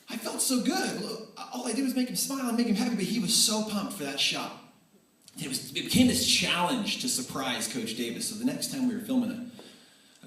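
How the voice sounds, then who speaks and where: A man giving a tribute speech at a banquet, telling energetic, animated stories that swing between excited and earnest. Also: medium pitch. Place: large banquet hall. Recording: echoey hall, voice from far off.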